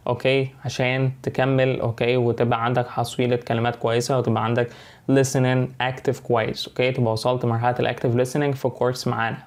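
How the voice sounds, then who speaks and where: A man's voice: medium pitch, flat delivery, racing. A man with an Egyptian accent teaching an online English lesson, switching between English and Arabic and often checking in with "okay" and "right".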